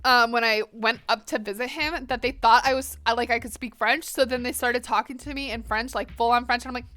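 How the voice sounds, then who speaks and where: A woman's voice: fairly high pitch, fairly even intonation, a little fast, pushed and bright, no echo. A woman in her twenties with an American accent, chatting casually and animatedly with live stream viewers while coloring. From northern United States.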